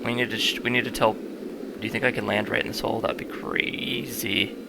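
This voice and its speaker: A man's voice: fairly low pitch, level tone, fast talker, vocal fry, heavy background noise. A man hosting a let's-play, commentating on gameplay in a playful, jokey way and talking straight to viewers. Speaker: gaming host.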